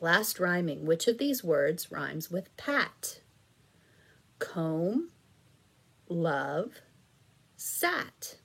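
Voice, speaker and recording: A woman teaching reading to children, patient and encouraging, slowly and clearly spelling out syllables. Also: on the low side. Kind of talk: slow, clearly enunciated instruction for children.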